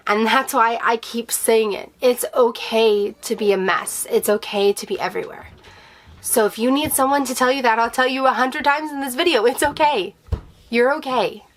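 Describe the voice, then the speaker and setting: A woman's voice: on the high side, fairly even intonation, normal speed. A woman sharing a personal update in a vlog, candid and emotional, with many fillers and restarts, reassuring her viewers. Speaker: vlogger, stay-at-home mom.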